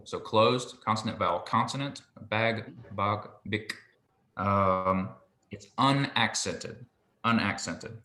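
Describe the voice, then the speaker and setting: A man's voice: lowish voice, takes it slowly, pushed and bright, roomy sound. A man tutoring basic biblical Hebrew one-on-one, explaining patiently and checking that his student follows. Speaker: Hebrew teacher.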